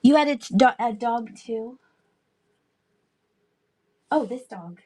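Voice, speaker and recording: A woman hosting a casual live-stream sale, chatty and quick to laugh as she answers the chat. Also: fairly high pitch, warm tone, breathy edge, no room sound. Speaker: online live-auction seller.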